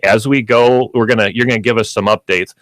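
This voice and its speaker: A man's voice: mid-range voice, fairly quick, no echo. A man hosting a pet radio show, explaining dog training step by step in an instructive way. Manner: explains step by step, lively and animated.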